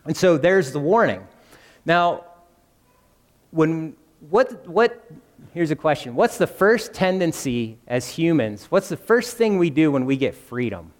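Male preacher, fairly high voice, chatty sermon style, long church-hall echo. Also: very animated, unhurried. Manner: conversational, asks the congregation questions.

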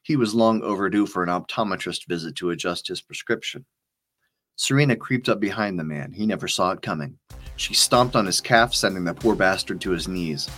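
Deep-voiced man narrating a spy thriller. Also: fairly quick, fairly bright tone, soft background music. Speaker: author and narrator. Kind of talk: scripted audiobook narration.

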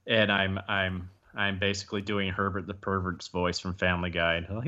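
A man, a guest actor, chatting casually in a podcast interview, laughing often and slipping into high cartoon impressions. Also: flat delivery, moderate pace, hardly any pauses, sharp tone. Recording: dull lo-fi call audio.

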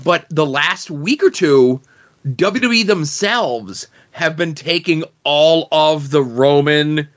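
A man co-hosting a podcast in casual chat, often hesitating and leaning on fillers before getting to his point. His voice is a little high. The sound is muffled and lo-fi. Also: slow, a bit bright. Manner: hesitant, heavy on fillers and restarts. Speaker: podcast co-host.

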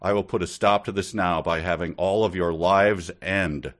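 A man voicing a stern, weary old king in a comic reading, declaiming pompously in a low voice. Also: fairly even intonation, normal speed, fairly bright tone.

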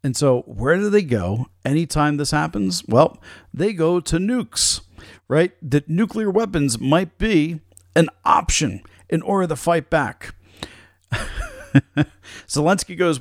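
A man's voice: a little high, animated, a little slow, vocal fry, dry recording, clean studio sound. A male podcast host giving casual commentary with frequent fillers.

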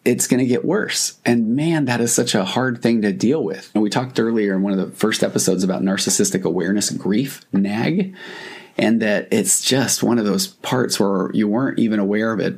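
A man's voice: on the low side, fairly quick, creaky, darkish tone, slightly rough. A man hosting a podcast, talking earnestly and reassuringly straight to the listener. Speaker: podcast host. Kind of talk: reflective podcast monologue.

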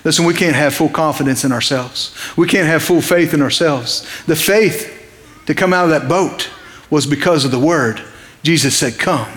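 A man's voice: on the high side, moderate pace, fairly bright tone, long reverb tail. A man preaching an evening sermon in a conversational, impassioned way, asking his listeners questions.

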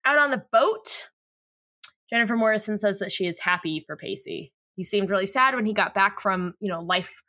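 Lively intonation and a sharp tone mark this woman's mid-range voice, at normal speed. As a podcast co-host casually recapping a TV episode, she giggles, rambles, and leans on plenty of fillers and laughter.

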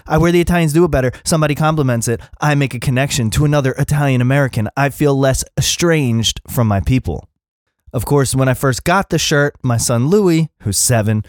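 A man's voice: fairly high pitch, no room sound, clean studio sound. Profane, ranting male podcast host. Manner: profane, animated storytelling with mimicked voices. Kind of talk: casual solo rant.

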